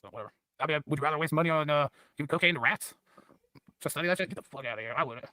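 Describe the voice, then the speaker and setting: A man's voice: a little high, very fast, sharp tone, no echo, clean studio sound. A man streaming, rambling loosely and profanely while a bit drunk. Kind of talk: rambling casual stream chat.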